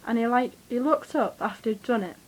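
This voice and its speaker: A young woman, telling a rambling, excitable story to camera, swearing freely and with lots of fillers. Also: on the high side, a little fast, slightly rough, poor audio. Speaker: vlogger.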